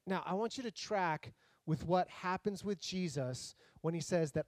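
High-voiced animated man preaching. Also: moderate pace, dry recording. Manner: animated, jokey, acts out voices. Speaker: pastor. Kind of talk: casual sermon.

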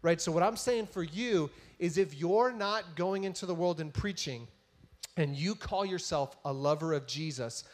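A man's voice: on the high side, moderate pace. A man giving a casual, joking sermon, retelling a story and often tagging his sentences with "right?".

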